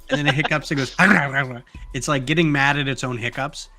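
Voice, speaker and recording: A man hosts a relaxed livestream with a bright, forceful voice, spinning animated anecdotes and voicing the people in them. Faint music plays softly behind him. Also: medium pitch, quick pace. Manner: animated storyteller, acts out quoted lines. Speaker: livestream host. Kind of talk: casual chat on a building livestream.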